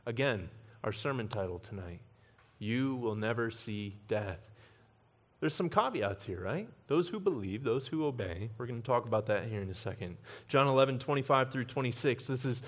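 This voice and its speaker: A man's voice: medium pitch, expressive, moderate pace. A man preaching an evening sermon as pastor, earnest, building emphasis and volume on key points.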